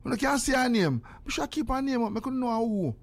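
A man's voice: extremely high pitch, brisk, vocal fry. An older man with a Jamaican accent, telling stories in a casual way, acting out the exchanges he quotes, and breaking into prayer. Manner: animated, acts out quoted exchanges.

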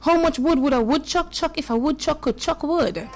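A woman's voice: sits high, normal speed, soft background music, low-quality recording. A woman hosting a children's call-in radio show, playful and laughing often as she greets listeners by name. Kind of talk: lively call-in radio chat for kids.

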